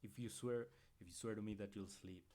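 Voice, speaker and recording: A man reading aloud and voicing a young noble son who is steady and protective, speaking calmly and gently. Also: fairly low pitch, a little fast, close to an everyday voice. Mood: gentle. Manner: calm, gentle reassurance.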